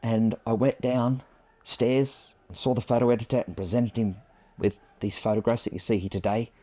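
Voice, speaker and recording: A man's voice: mid-range voice, fairly even intonation, moderate pace, mellow. A man in his fifties, a photographer, telling a personal story to camera in a reflective, self-deprecating way.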